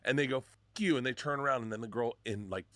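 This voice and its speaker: A man telling stories in a casual podcast chat, animated and often laughing. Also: medium pitch, fast talker, no echo.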